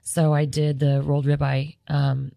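A podcast guest, a competition cook, telling a lively, rambling anecdote in casual chat. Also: mid-range voice, unhurried, vocal fry, dry recording, studio quality. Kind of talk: casual storytelling. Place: podcast studio room.

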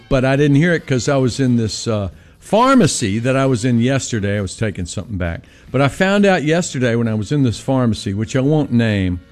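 A man's voice: medium pitch, a little mellow. A man, a regular guest on a radio show, chatting in a meandering way and often trailing off mid-thought. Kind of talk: casual radio banter. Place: radio studio.

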